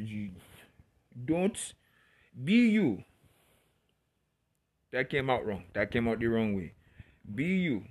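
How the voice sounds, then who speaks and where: A man giving a passionate, blunt, profanity-laced motivational rant to camera. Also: medium pitch.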